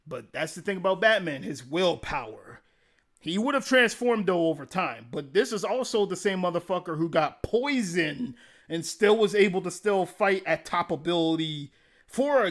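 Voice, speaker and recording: A man's voice: sits high, fairly bright tone. A man casually chatting on a live stream, reading chat comments aloud, swearing freely and laughing often as he rambles. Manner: profane, laughs often, rambling game talk.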